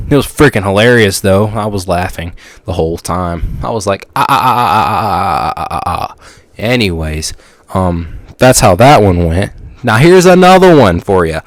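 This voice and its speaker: A man's voice: lowish voice, no room sound. Goofy, rambling male podcaster. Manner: goofy, rambling, restarts sentences. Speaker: podcast host. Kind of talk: casual storytelling monologue.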